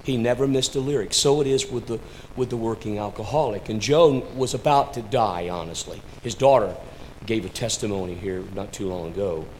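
A man preaching a sermon, swinging between soft, low asides and loud, rising declarations, and addressing listeners by name. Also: brisk, a little hiss or hum, rough recording.

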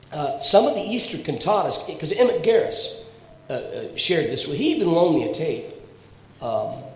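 A man's voice: high voice, darkish tone, echoey room, low-quality recording. A male pastor preaching a sermon, talking animatedly and calling on congregation members by name. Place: church sanctuary.

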